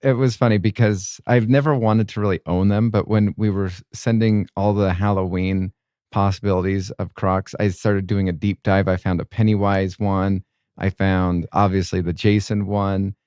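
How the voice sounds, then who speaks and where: A man's voice: sits low, little pitch movement, moderate pace, darkish tone, clear, resonant tone, no echo, clean studio sound. A man who teaches school, chatting casually as a podcast host and telling stories in which he acts out his students' lines. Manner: storytelling, acting out kids' lines.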